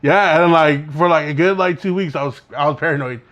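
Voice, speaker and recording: A man's voice: a little high, a little fast, a bit bright, muffled recording. A young man co-hosting a podcast, telling a school story in casual chat and acting out both sides of the dialogue. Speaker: podcast co-host.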